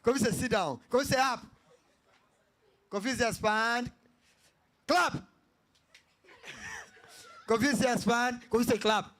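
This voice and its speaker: High-voiced man calling out game commands. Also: fairly bright tone. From Ghana. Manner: barking quick commands. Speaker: event host leading a game. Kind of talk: lively crowd game calling. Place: retail centre event space.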